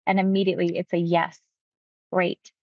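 A woman hypnotherapist recounting a client's session, talking quickly and acting out quotes. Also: lowish voice, no echo, lo-fi sound. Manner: quick, animated retelling with acted quotes. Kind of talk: storytelling about a client session.

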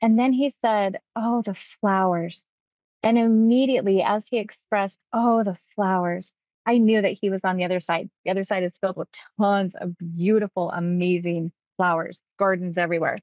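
A woman hypnotherapist recounting a client's session, talking quickly and acting out quotes. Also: mid-range voice, dry recording, dull audio. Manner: quick, animated retelling with acted quotes. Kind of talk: storytelling about a client session.

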